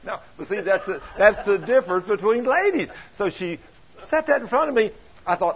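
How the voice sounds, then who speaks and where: A man preaching a sermon in a folksy, animated, conversational way, full of homespun stories. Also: high-pitched, normal speed, breathy edge. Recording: dull lo-fi recording.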